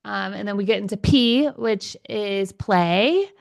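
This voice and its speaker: This is an energetic woman in her forties who coaches parents. She chats in an interview with animated enthusiasm and laughs often. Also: medium pitch, slow, gravelly. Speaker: parenting coach and podcast host. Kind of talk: conversational interview.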